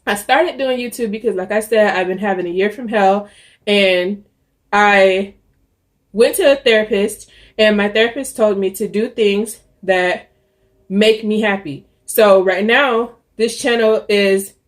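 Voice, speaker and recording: A woman's voice: medium pitch, a little slow. Chatty woman vlogger, candid and rambling. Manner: chatty and candid, with frequent ums and restarts. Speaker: YouTuber. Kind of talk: casual chat to camera.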